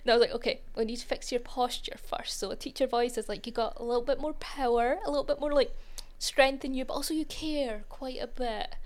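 Chatty woman with a higher voice. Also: a little fast. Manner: chatty, says "like" a lot. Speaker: podcast co-host. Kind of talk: casual storytelling chat.

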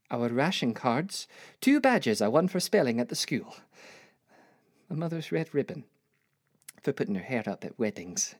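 Older woman performing a reflective life-story monologue; expressive, rising and falling pitch. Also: breathy edge, no room sound, studio quality. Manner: wistful, reflective storytelling with wry asides. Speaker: narrator. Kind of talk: dramatic monologue.

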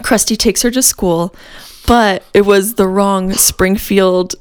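Young woman, casual co-host, animated storyteller, laughs a lot, acts out quotes. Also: medium pitch, slow, smooth. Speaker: podcast co-host. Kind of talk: casual chat.

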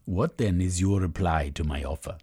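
A man's voice: low-pitched, dark tone, breathy edge. A man voicing a cold, scheming villain. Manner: cold, measured, menacing. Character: cold scheming male villain bargaining with lords.

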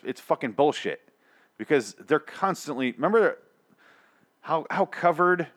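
A man giving a casual, ranting recap of a television episode, sarcastic and full of swearing and fillers. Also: mid-range voice. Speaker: show recap commentator. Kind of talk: casual profane recap monologue.

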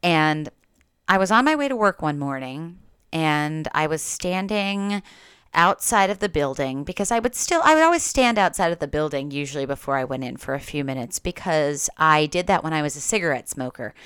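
A woman tells a personal story on her podcast in a candid, confessional way, dropping casual swear words and restarting her sentences as she goes. Her voice sits low and sounds smooth and clear. The recording is dry and close. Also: fairly bright tone, dry recording. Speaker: podcast host.

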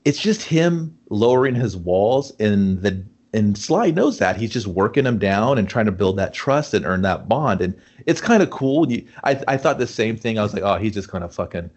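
A man's voice: on the low side, moderate pace, few pauses. A man co-hosting a casual chat about a movie, swearing a lot and acting out lines from scenes. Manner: profane, animated, acts out movie lines. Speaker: podcast co-host.

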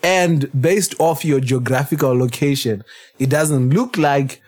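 A man co-hosting a podcast in casual chat, animated and laughing, often restarting his phrases. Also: mid-range voice, measured pace. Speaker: podcast co-host.

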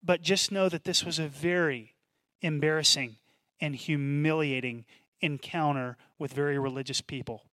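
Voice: medium pitch, fairly even intonation, moderate pace, a bit bright, no echo, clean studio sound. A pastor preaching a sermon in an emphatic, conversational way, often turning to the congregation with questions.

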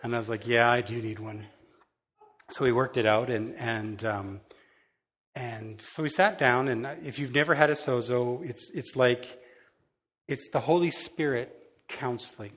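Brief: middle-aged male pastor, mid-pitched voice, loose storytelling sermon with frequent restarts. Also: a little slow, a bit bright. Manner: self-deprecating and candid. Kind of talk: conversational sermon.

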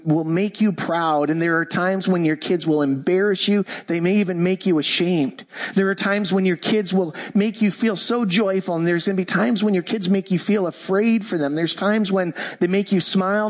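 A fifty-something man delivers a sermon with a fairly high, bright-pitched voice. He preaches with emphasis, repeating key lines and slowing right down for scripture and solemn declarations. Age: 50s. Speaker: pastor. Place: church.

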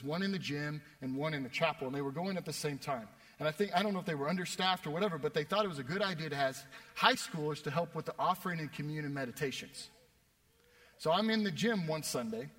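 A young man preaching a sermon, telling a self-deprecating story with animated delivery. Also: fairly high pitch. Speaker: pastor. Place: church worship space. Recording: long reverb of a church hall.

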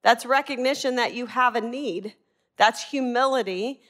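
Lady teaching a bible study, kinda high voice, asks the room questions then answers. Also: moderate pace, a bit bright. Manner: asks the class questions, answers them herself.

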